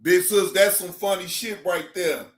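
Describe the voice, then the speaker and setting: A man hosting a reaction channel, excitable and profane, laughing often as he comments. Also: sits high, a little slow, reverberant.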